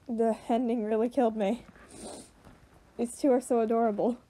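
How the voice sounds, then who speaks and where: A young woman giving emotional reaction commentary, choked up and halting, with many fillers and restarts. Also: a little high, little pitch movement, dark tone, rough recording. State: choked up, voice tearful. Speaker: video reactor.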